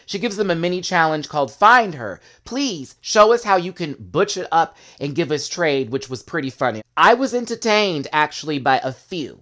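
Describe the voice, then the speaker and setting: A man giving a casual, sassy recap of a reality competition episode, with quick asides and bursts of laughter. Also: fairly high pitch, animated, fairly bright tone. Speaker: show reviewer.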